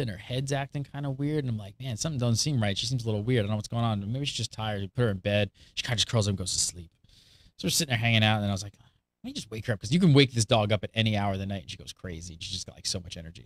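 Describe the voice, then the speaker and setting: Animated man telling a story, bright voice. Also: mid-range voice, dry recording. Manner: animated storyteller acting out quotes. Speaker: show host. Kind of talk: casual podcast chat.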